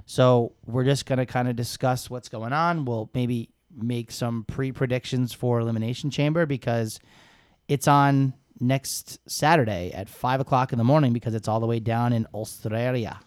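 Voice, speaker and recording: A man's voice: mid-range voice, fairly even intonation, normal speed, clean tone, dry recording, studio quality. A man co-hosting a casual podcast, rambling and joking as he chats with his co-host.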